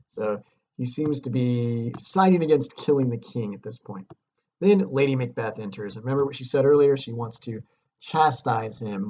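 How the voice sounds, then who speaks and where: A man's voice: mid-range voice, a little mellow, highs cut off. A man teaching a lesson on a stage play, explaining scenes casually and reading passages aloud.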